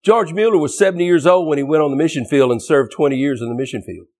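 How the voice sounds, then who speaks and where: A man's voice: fairly high pitch, fast, a little mellow. A man preaching a fervent, emphatic sermon, often restarting and repeating words as he drives his points home.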